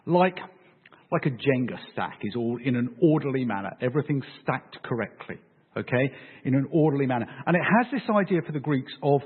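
A man preaching a sermon, animated and joking with his congregation. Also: medium pitch, slightly rough. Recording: phone-like, echoey hall sound.

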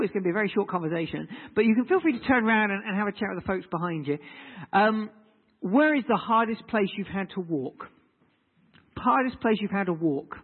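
A man's voice: high voice, breathy edge. A man preaching informally to people at tables, chatty and teasing, repeating his questions to the room. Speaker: preacher leading a group session. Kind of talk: informal sermon with audience discussion. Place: large hall with tables. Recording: tinny lo-fi audio in a reverberant hall.

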